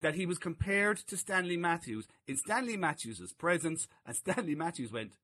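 A man telling a story in a casual podcast chat, animated and laughing. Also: a little high, normal speed, slight background noise. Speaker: podcast co-host.

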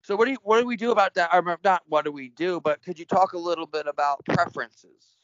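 A man's voice: high-pitched, fast talker, a bit bright, no echo. A man hosting a casual spiritual conversation, playful and joking, laughing often. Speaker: podcast host. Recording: dull lo-fi sound.

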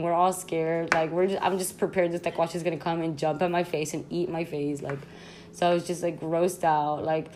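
A young woman hosting a podcast, telling a story in a casual, animated, slangy way, full of "like" and swearing. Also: on the low side, background noise. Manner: animated, slangy, constant "like", swearing, laughs often. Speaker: podcast host.

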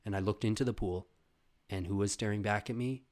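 A young man hosting a podcast, telling a long casual story with plenty of swearing. He jumps from loud outbursts to quiet, muttered asides. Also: lowish voice, fairly quick. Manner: profane, animated storytelling with sudden loud bursts and quiet asides. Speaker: podcast host.

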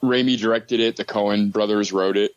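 A man's voice: lowish voice, steady tone, moderate pace, clean tone, no echo. A man co-hosting a casual group podcast, laid-back and wry. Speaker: podcast co-host. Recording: dull, lo-fi mic.

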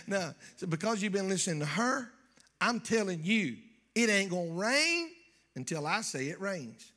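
A man preaching a folksy, joking sermon in church that builds to shouting. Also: sits high, sing-song, normal speed. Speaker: pastor.

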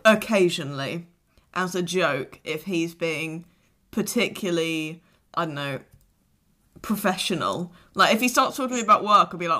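A woman's voice: lowish voice, normal speed, sharp tone. A young woman hosting a casual podcast chat, chatty and playful. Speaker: podcast host.

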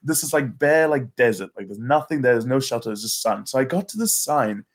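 A young man telling friends a wild hiking story in casual chat, animated, swearing often and saying "bro" and "like". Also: mid-range voice, a little fast.

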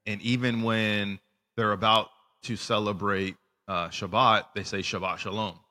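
A man co-hosting a casual faith podcast, animated and lively, who stumbles and restarts his words. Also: lowish voice, measured pace, in a large hall. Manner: animated, acts out voices in retellings, restarts words. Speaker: podcast co-host. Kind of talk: casual faith discussion with scripture reading.

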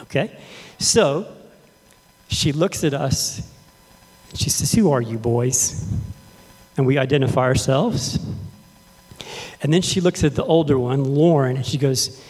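Texan-raised pastor in a reverberant hall. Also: male voice, mid-range voice, unhurried, pauses often, darkish tone, breathy edge. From Texas. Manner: casual, conversational, addresses the congregation directly. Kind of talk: sermon with storytelling. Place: church sanctuary.

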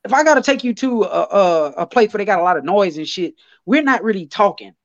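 A man co-hosting a casual podcast chat, animated and slangy, often repeating his phrases. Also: high-pitched, a little fast, no room sound, lo-fi sound. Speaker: podcast co-host.

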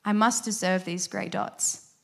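A woman's voice: medium pitch, fairly even intonation, unhurried, vocal fry, fairly bright tone. A woman voicing an insecure wooden puppet boy in a storybook tale, sounding hesitant and unsure.

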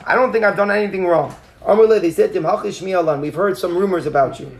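High, gravelly-voiced man teaching Talmud. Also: fast. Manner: reads Aramaic phrases then explains them in English; acts out the rabbis' dialogue in a lively way. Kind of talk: Talmud class, reading and translating.

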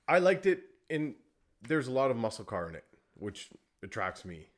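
A man co-hosting a movie review podcast, easygoing and chatty, often agreeing with quick yeahs. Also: mid-range voice, big pitch swings. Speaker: podcast co-host. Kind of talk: casual movie review chat.

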